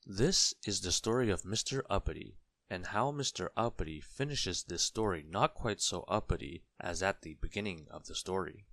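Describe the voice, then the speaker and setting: A man with a very low, deep voice reads a children's storybook aloud. He takes his time and stresses words for effect. The sound is dry and close, with no room echo. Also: animated, fairly bright tone. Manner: slow, deliberate storytelling with dramatic emphasis.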